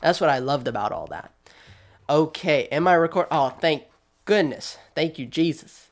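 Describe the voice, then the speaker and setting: A man hosting his channel, giving quick, chatty, animated commentary with a sassy streak, talking straight at the people he discusses. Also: fairly high pitch, gravelly. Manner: quick, chatty, restarts often. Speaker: channel host. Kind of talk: casual video commentary.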